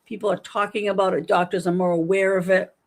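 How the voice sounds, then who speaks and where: Speaking fast in a mid-range voice, a middle-aged woman runs a casual livestream. She's lively and talkative, chatting away and reading out comments from viewers.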